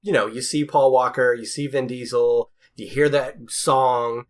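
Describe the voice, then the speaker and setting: A man's voice: medium pitch, fairly even intonation, unhurried. A man from the Boston area co-hosting a podcast, chatting casually and rambling with fillers. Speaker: podcast co-host. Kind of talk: casual chat.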